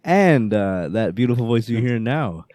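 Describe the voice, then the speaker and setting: A man hosting a podcast in casual banter, energetic and playful, teasing his co-host and laughing often. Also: mid-range voice, normal speed, no room sound, clean studio sound.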